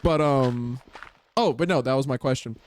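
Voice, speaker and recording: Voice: mid-range voice, moderate pace, a little mellow, slight background noise. A streamer chatting casually while playing a game with friends, rambling and self-mocking. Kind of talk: casual gaming chat with friends.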